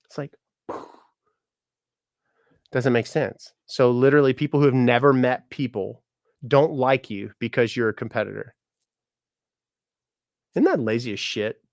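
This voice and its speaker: A man's voice: medium pitch, a little slow, pauses often, dry recording, clean studio sound. A man in his thirties, a musician and content creator, chatting casually on a live stream, joking, laughing and greeting viewers by name. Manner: chatty, jokey, speaks to viewers by name, laughs often, swears.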